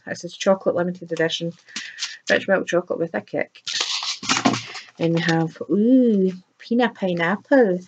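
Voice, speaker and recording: A woman chatting casually as she unboxes a box of sweets, chirpy and quick to laugh. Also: fairly low pitch, background noise. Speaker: unboxing vlogger.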